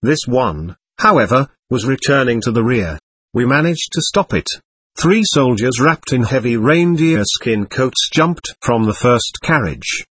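Husky, animated male audiobook narrator. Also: medium pitch, no room sound. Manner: measured, vivid storytelling. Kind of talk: scripted first-person audiobook narration.

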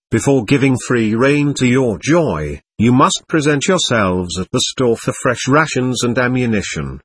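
Harsh army captain issuing orders, read by a man in a husky, dry voice. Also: mid-range voice, fairly bright tone, no room sound, heavily acted. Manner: clipped, commanding orders. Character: stern German army captain, commanding and harsh.

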